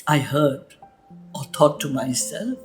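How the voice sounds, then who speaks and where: Slow, heartfelt Indian woman. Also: very deep voice, animated, darkish tone, faint music behind. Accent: Indian English. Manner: emphatic and heartfelt, with long dramatic pauses. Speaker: podcast host. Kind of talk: personal storytelling podcast.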